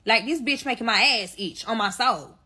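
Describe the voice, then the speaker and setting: A woman with a husky, breathy edge in her voice tells a wild personal story straight to her viewers. Her tone is bright and sharp, and her pitch sits a little high. She swears freely and piles on dramatic emphasis. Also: moderate pace. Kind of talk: storytime vlog.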